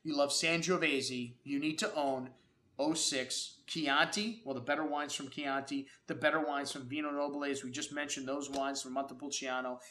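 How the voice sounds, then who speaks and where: A man's voice: medium pitch, level tone, moderate pace, bright, forceful tone. A man hosting a casual wine review, chatty and enthusiastic, with many fillers. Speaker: wine shop host. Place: wine shop.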